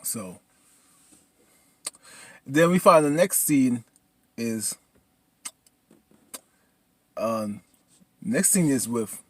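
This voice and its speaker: A man casually recapping a TV episode in an excitable, colloquial way. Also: mid-range voice, no echo. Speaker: TV episode reviewer.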